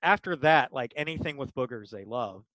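An animated, excited storyteller recounting their tabletop sessions in a mid-pitched voice. The sound is dry and close, with no room around it, and the talk is loose and full of fillers. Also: moderate pace, no room sound, rough recording. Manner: animated, enthusiastic, many fillers. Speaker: game master for kids' games. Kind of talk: casual interview storytelling.

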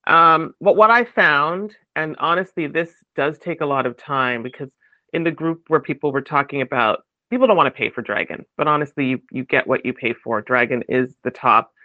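A man chatting as a podcast guest, animated and acting out quoted voices. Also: on the high side, moderate pace, dry recording. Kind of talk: casual chat. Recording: dull, dry lo-fi sound.

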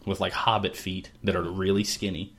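Low-voiced man retelling a story. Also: moderate pace. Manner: animated storyteller, acts out characters' lines, laughs often. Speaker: podcast co-host retelling a novel. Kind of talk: casual chat.

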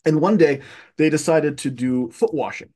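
A middle-aged man from an Armenian family raised in Egypt guests on a show, telling childhood stories casually at a normal speed. He gets animated, repeats words as he restarts phrases, and his pitch rises when he quotes himself.

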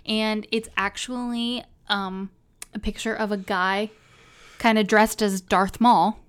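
A woman's voice: mid-range voice, fairly even intonation, takes it slowly, clean tone. A young woman co-hosting a casual podcast, chatty and teasing. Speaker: podcast co-host.

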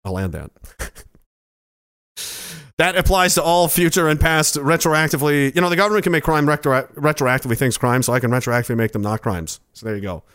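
A man reads viewer comments on his livestream and riffs on them with crude jokes. His voice sits slightly high and his talk wanders loosely. The recording is dry and close. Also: a little fast, a bit bright, dry recording. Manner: rambling, profane and joking. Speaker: livestream host. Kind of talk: casual livestream chat reading.

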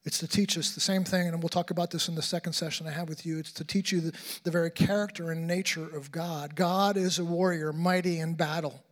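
Conference preacher, male, slightly high voice, impassioned sermon with repeated words. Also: steady tone, brisk, hardly any pauses. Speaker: conference speaker.

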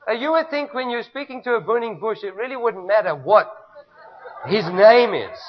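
South African male pastor, very high voice, emphatic call-and-response preaching, muffled lo-fi recording. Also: lively intonation, moderate pace. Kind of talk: sermon. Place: church. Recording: dull lo-fi recording.

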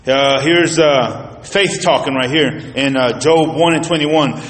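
Colloquial preacher in an echoey hall. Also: male voice, medium pitch, a little slow, few pauses, fairly bright tone. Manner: colloquial, storytelling, addresses the congregation directly. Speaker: pastor. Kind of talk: conversational sermon.

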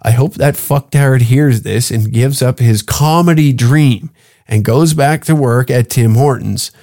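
A man's voice: mid-range voice, unhurried, warm tone, dry recording, clean studio sound. A man hosting a comedy podcast, brash and profane, joking in a mock-therapeutic tone. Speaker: podcast host. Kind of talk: casual comedy podcast rant.

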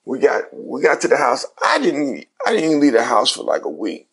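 Man, middle-aged, from Ohio, former basketball pro, casual storytelling, gravelly, husky. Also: medium pitch, a little fast. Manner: animated retelling with quoted dialogue, slangy.

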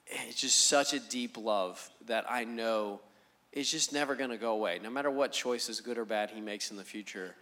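Bright-voiced, candid young dad, a man. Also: medium pitch, normal speed. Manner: candid, reflective. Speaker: panel guest. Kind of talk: church panel discussion.

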